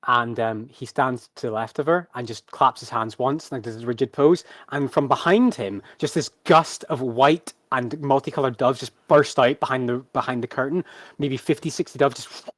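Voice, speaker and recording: A man narrating a tabletop game as game master, feeling his way through the scene with plenty of ums, likes and repeated words. His voice sits at an ordinary middle pitch. The sound is dry and close, with no room echo. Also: normal speed, fairly bright tone. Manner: hesitant, full of ums and restarts.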